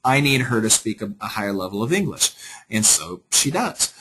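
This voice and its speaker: Guy pitching his staffing business, slightly husky voice, relaxed and chatty. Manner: easygoing, salesy, quick to agree. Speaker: interview guest, staffing company owner. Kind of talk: casual business interview.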